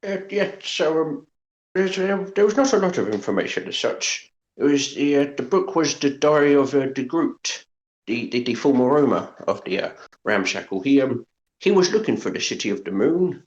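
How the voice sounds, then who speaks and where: Man, tabletop player, stammering, repeating words, animated pitch, muffled lo-fi sound. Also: normal speed. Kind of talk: tabletop role-play chat.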